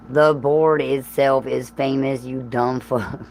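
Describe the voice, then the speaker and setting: A woman with a Southern US accent talks straight into her livestream, her voice sitting unusually low. She rambles from thought to thought with coarse language and laughing asides. A faint hum runs under the recording. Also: normal speed, poor audio. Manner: profane, stream-of-consciousness, laughing asides. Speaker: livestream host.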